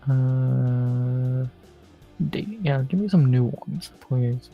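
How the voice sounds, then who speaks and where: A man's voice: medium pitch, very slow, phone-quality sound, soft background music. A man streaming live, muttering and swearing casually as he plays through quizzes, saying he's losing his voice. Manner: mutters and swears at quiz questions.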